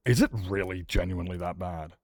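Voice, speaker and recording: An Australian man streaming a game, chatting casually in a rambling, sweary, animated way. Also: deep voice, brisk, dry recording. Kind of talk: casual chat while gaming.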